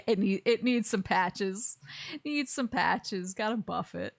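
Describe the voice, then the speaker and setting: A woman's voice: mid-range voice, a little slow, vocal fry, fairly bright tone, no room sound, studio quality. A young woman from Alabama with a Southern accent, chatting casually on a game stream, rambling and laughing often. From Alabama, USA. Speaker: streamer host.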